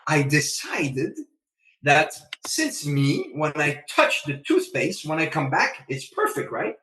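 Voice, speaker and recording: A man chats as a podcast guest, telling stories with lively, swooping pitch and acting out his own lines. His voice is bright and fairly high. He sits away from the mic in an echoey room. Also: slow pace, distant mic. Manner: animated storyteller, acts out his own lines. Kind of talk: casual chat.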